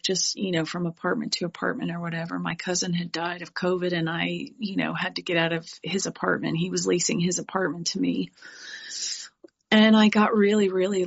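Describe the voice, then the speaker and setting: A middle-aged woman from New York giving a candid, animated personal share at a recovery meeting, with frank asides. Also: on the low side, creaky, muffled recording.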